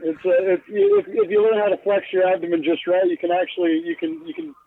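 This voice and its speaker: This guest glassblower talks fast in a high, sing-song, creaky voice while calling into a podcast interview from his bus. He's casual and self-deprecating, swearing a lot and filling gaps with filler words. The tinny phone line carries no room sound.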